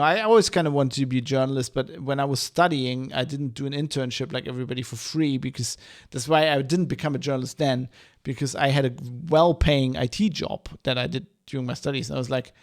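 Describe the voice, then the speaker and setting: A man hosting a podcast, giving casual solo commentary in a rambling, hesitant way with many restarts. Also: medium pitch. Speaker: podcast host.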